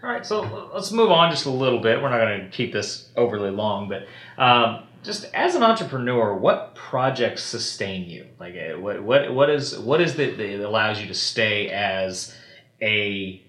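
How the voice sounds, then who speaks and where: A man with a slightly low voice hosts an interview, his questions loose and full of restarts. The room rings with a noticeable echo around him. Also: big pitch swings, normal speed, fairly bright tone. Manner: loose, repeating himself while forming questions. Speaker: interview host. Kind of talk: podcast interview. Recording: roomy echo.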